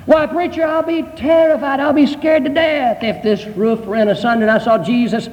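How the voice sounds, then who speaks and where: A man's voice: extremely high pitch, a little fast, in a large hall, muffled recording, voice pushed up. A man voicing a worried churchgoer who anxiously protests to the preacher. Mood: alarmed. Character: fretful churchgoer dreading the end of the world.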